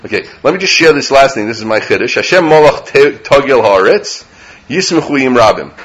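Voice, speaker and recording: A man's voice: medium pitch, lively intonation, a little fast, a bit bright. A middle-aged man, a rabbi, gives an informal Torah lecture to a live audience. He talks conversationally, keeps asking "right?", and mixes Hebrew and Yiddish terms into his English. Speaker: rabbi teaching a class.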